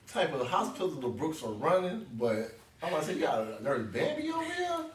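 A man's voice: fairly high pitch, huge pitch swings, fairly quick, far from the mic. Male podcast host, playful and joking, recorded in a roomy space with faint noise. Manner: joking, laughs often. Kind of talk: casual interview chat.

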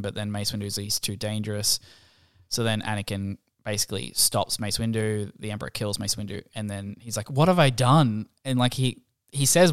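A man's voice: lowish voice, smooth, no echo, studio quality. A man in his thirties co-hosting a podcast, chatting casually and recapping film scenes. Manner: relaxed and conversational, recapping scenes with laughs. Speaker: podcast co-host. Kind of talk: casual chat.

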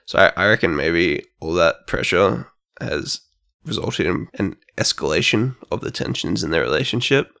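A young man co-hosting a podcast, talking casually and thinking aloud with pauses. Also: sits low, expressive, gravelly, sharp tone. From Australia. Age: young adult. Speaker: podcast co-host. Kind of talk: casual chat.

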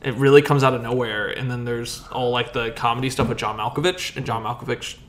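In a casual movie review chat, a man rambles and swears, often restarting his sentences. His mid-range voice is fairly bright, fairly quick and fairly even in intonation, with slight background noise.

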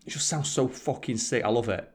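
A man co-hosting a casual podcast, telling rambling anecdotes and swearing freely. His voice sits at a middling pitch for a man, and he slips into quick impressions of the people he talks about. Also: a little mellow, breathy edge. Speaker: podcast co-host. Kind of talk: casual chat.

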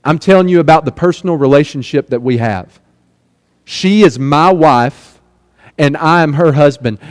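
A young man preaching a sermon in a church, emphatic, slowing right down to linger on the key words. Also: on the high side. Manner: emphatic, with slow drawn-out quoted phrases. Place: church sanctuary. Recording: long reverb of a church hall.

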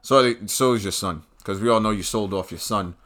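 A man with a somewhat low voice hosts his own show in a one-man rant. He talks bluntly and profanely, with a scornful, combative edge. He hammers single words for emphasis. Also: moderate pace, fairly bright tone. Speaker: podcast host. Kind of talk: solo rant monologue.

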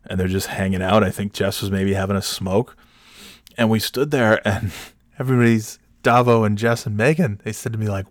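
A man casually telling a personal story, animated, swearing freely and acting out the people in it. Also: medium pitch, no room sound, clean studio sound. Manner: animated, swears freely, acts out voices, laughs mid-story. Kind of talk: casual anecdote.

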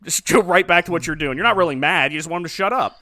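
A man's voice: on the high side, fast, bright, forceful tone, dry recording, clean studio sound. A man who is a father, chatting casually and animatedly as he recaps a movie's plot, laughing often. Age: adult father. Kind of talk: casual chat retelling a movie.

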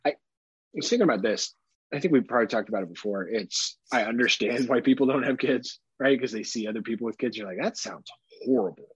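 Male podcast co-host, husky voice, candid and profane, dry dull recording. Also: medium pitch, quick pace, dry recording. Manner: candid, swears freely, animated impressions. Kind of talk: casual chat.

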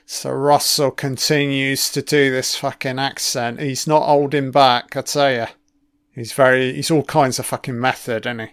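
A man's voice: mid-range voice, level tone, normal speed, fairly bright tone, smooth, dry recording. A man giving a casual first-watch film commentary, reacting with profane, sarcastic remarks.

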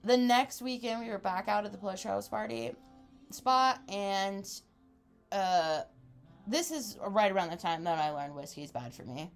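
Soft music plays in the background as a woman in her twenties, a podcast co-host, speaks a little slowly in a mid-range voice. She's animated and laughing as she tells a wild story in casual chat, voicing what people said.

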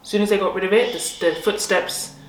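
A woman co-hosting a podcast, telling a family story in a relaxed, candid, joking way. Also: medium pitch, fast talker, recorded from a distance. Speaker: podcast co-host. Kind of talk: casual chat. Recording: echoey, off-mic with faint room noise.

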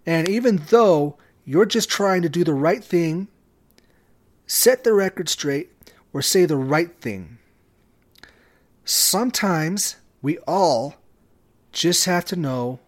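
A man hosting a devotional podcast, speaking in a measured way with long pauses. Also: sits high. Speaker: podcast host. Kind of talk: devotional talk.

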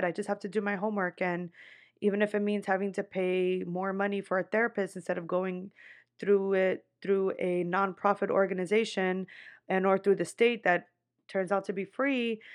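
A woman in her twenties hosting a podcast, telling a personal story in a blunt, candid way, swearing a lot and filling her talk with "like". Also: medium pitch. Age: 20s. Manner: blunt, heavy swearing, frequent "like" fillers. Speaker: podcast host. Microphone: podcast microphone.

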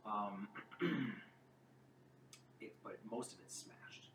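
A man narrating as game master of a tabletop game, with halting, restarting descriptions. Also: lowish voice. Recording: roomy, distant mic with clear background noise.

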